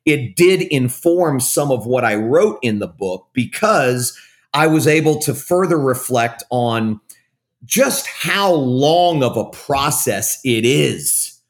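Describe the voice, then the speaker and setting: A man's voice: mid-range voice, lively intonation, takes it slowly. A man speaking as a guest author in an interview, frank and self-deprecating, often restarting his sentences. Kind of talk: candid conversational interview.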